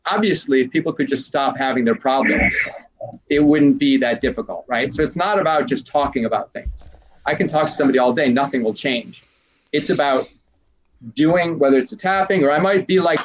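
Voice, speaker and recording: A man, a transformational coach, talking casually in an interview, rambling and animated as he acts out little quoted exchanges. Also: on the high side, a little fast, poor audio.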